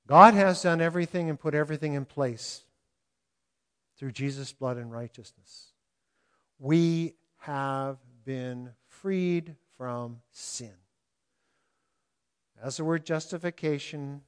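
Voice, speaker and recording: An older man preaching a sermon in a conversational way, chuckling often and animated as he speaks. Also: mid-range voice, slow pace, long pauses. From California. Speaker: pastor.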